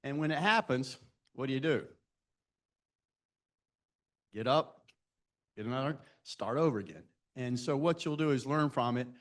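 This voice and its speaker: This man in his sixties has a medium-pitched, fairly bright voice and speaks at a moderate pace, leaving long pauses. At a live event for students, he tells self-deprecating stories about his career and puts direct questions to the audience.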